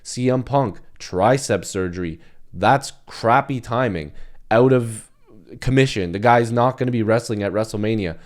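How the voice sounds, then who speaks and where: A man's voice: lowish voice, moderate pace. A man hosting his own channel, giving a passionate, emphatic opinion monologue in casual talk. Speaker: wrestling commentary channel host.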